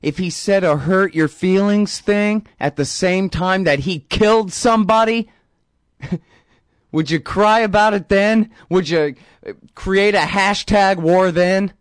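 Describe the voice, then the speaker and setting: A man's voice: sits high, unhurried, clean tone, dry recording, clean studio sound. A man hosting a show, ranting sarcastically about politics in a rambling, mocking way. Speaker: host. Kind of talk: casual political rant.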